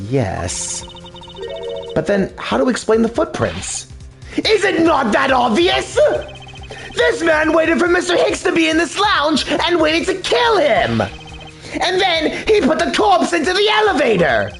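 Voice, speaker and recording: A man voicing a frantic man who shouts wild accusations in a game dub. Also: very high-pitched, pitched above the performer's own voice, heavily acted.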